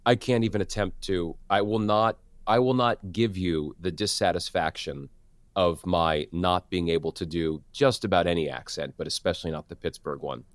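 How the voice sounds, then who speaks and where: A man in his late thirties from New York City, a guest in a podcast interview, chatty and self-deprecating with halting restarts. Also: low-pitched, fairly even intonation, dry recording. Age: 30s. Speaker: guest actor and producer.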